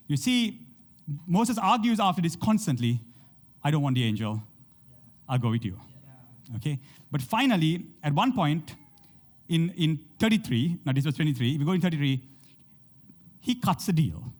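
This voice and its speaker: A man's voice: fairly high pitch, big pitch swings, moderate pace, darkish tone. A man preaching a sermon to a congregation, reading scripture aloud and often checking in with "okay?". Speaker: pastor.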